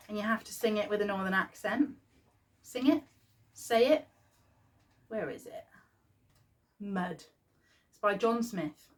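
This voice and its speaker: A woman in her thirties with a British accent, chatting casually and rambling a bit as a parenting vlogger, often laughing. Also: medium pitch. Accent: British English. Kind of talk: casual chat. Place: home nursery. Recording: voice slightly distant from the mic.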